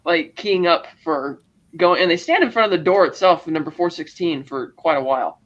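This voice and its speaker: A man with a notably high voice retelling movie scenes on a podcast, chuckling as he quotes the characters' lines. His audio comes through dull and lo-fi, as though from a weaker mic. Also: lively intonation, a little fast, a bit bright. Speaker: podcast co-host. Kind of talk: casual film-recap chat.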